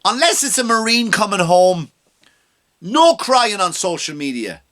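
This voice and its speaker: A man's voice: sits high, big pitch swings, a little slow, fairly bright tone. A middle-aged man, an immigrant to the US, hosting a comedy podcast with a profane, mocking rant. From abroad, immigrant to the US. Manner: ranting, profane, mocking impressions.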